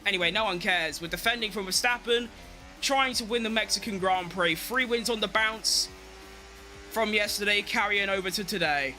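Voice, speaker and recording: A young man giving excitable live commentary on his racing game, talking to himself and swearing at rivals and his car. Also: high voice, normal speed, faint music behind. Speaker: game streamer.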